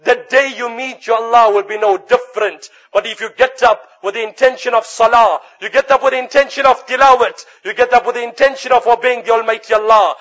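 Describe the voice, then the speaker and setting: High-voiced man preaching a fervent sermon. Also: steady tone, brisk, few pauses, a bit bright. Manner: impassioned, chanting Arabic recitation. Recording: dull lo-fi recording.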